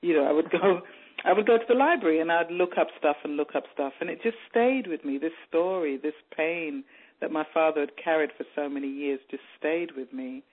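A woman's voice: low-pitched, a little fast, slightly rough. A woman author, raised in England, tells her story in a radio interview and animatedly mimics the people she overheard. The sound is narrow and tinny, like a phone line. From born in Jamaica, raised in England. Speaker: author guest.

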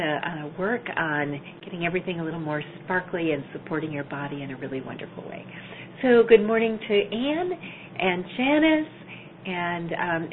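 Chatty woman over a tinny line. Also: fairly low pitch. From Minnesota, US. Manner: enthusiastic, chatty, many fillers. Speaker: energy healing teacher. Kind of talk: live online class. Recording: tinny phone-like line, faint noise.

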